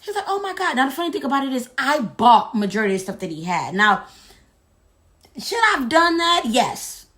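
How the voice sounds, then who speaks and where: A woman chatting casually to her viewers, retelling a story in an animated, sassy way. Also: fairly high pitch. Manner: animated, sassy, drawn-out dramatic retelling with asides like "baby". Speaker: storyteller vlogger.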